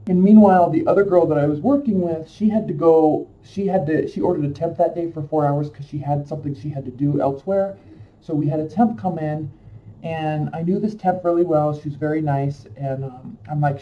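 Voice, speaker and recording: Man, higher voice, casual emotional storytelling, rambling with fillers; set back from a dull lo-fi mic. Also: a little fast, far from the mic.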